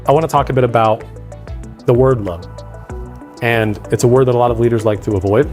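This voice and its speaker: A man interviewing a coach, asking reflective questions at a steady pace. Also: medium pitch, a little fast, faint music behind.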